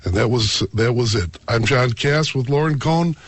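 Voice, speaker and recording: A man's voice: medium pitch, moderate pace, slightly rough, no room sound. A man hosting a radio talk show, bantering and joking with his co-host and callers. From Greek heritage. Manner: joking, teasing, wry.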